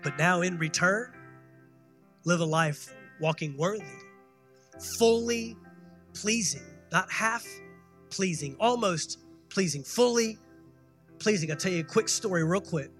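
A pastor preaching a sermon, building to loud emphatic peaks and calling for the congregation to respond. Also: male voice, a little high, moderate pace, soft background music. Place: church sanctuary.

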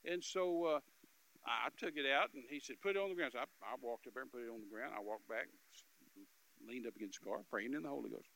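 A man giving an animated, emphatic storytelling testimony as a minister, with repetitive phrasing and loud bursts. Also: mid-range voice, a little fast, gravelly, rough recording.

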